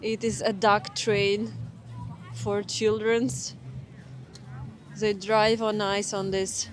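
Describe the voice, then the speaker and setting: Her mid-range voice barely shifts in pitch and moves extremely slowly as this young Russian woman, accent audible, casually narrates a winter travel vlog from a snowy city. She exclaims in wonder, gropes for English words, and music plays in the background.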